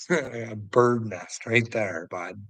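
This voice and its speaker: A vlogger answers a critic with a casual, rambling rant, mocking and taunting him with profanity, calling him "bud" and chuckling often. His voice is lowish and very slow, in a low-quality recording with no room sound.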